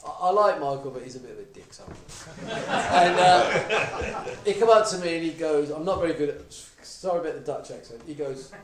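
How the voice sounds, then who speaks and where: A man's voice: a little high, a little fast, a little hiss or hum. An older man telling chatty stories at a live Q&A, laughing through them often. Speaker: guest darts player. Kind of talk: live Q&A anecdotes. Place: live event room with an audience. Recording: echoey room from a distance. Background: audience laughter.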